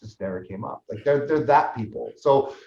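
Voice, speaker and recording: Man telling a race story, roomy sound. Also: mid-range voice. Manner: lively, fast storytelling with many restarts. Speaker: guest, ultraman athlete and trainer. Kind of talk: storytelling in an interview. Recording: roomy, slightly dull sound.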